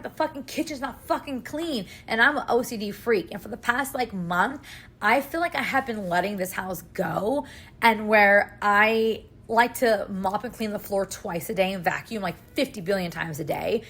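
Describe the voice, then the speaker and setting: A woman's voice: medium pitch, a bit bright. A woman in her thirties, a mother of three hosting a podcast, venting emotionally and swearing often in a casual monologue.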